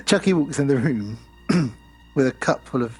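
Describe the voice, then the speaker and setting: A man co-hosts a podcast and recaps a film in loose, casual chat. His voice has a slightly husky edge, and he tells each scene bluntly with a crude joke or two. His pitch sits in an ordinary middle range. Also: lively intonation, slow, soft background music. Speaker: podcast co-host.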